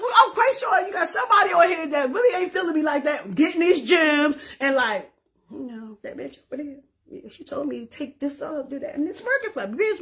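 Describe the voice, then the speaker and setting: A middle-aged woman, chatting to her viewers in a loud, animated, profane way and laughing often. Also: high-pitched. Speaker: social media creator. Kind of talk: casual live-stream chat.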